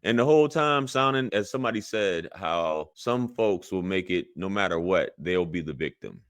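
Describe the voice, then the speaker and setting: A man with a very low voice comments on a video clip as a podcast host. He is indignant and emphatic, and he hammers his points by repeating them. The sound is dry and close. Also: animated, moderate pace, dry recording. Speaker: podcast host reacting to clips.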